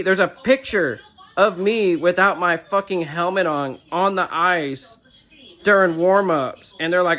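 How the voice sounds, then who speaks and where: A man's voice: sits high, unhurried, bright, forceful tone. Blunt, profane young man ranting. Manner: blunt and profane, with frequent "like" and "dude". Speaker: vlogger. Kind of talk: emotional personal rant.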